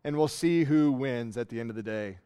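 A man's voice: mid-range voice, normal speed, clear, resonant tone, lo-fi sound, pitched below the performer's own voice, close to an everyday voice. A man voicing a boastful, trash-talking giant warrior in a sermon story. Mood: taunting. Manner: taunting.

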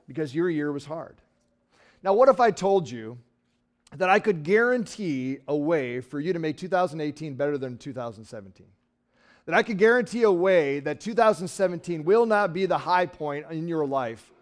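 This pastor's voice sits a little high and is expressive, moving at a moderate pace. Speaking conversationally from the church sanctuary, he preaches to his congregation and asks rhetorical questions.

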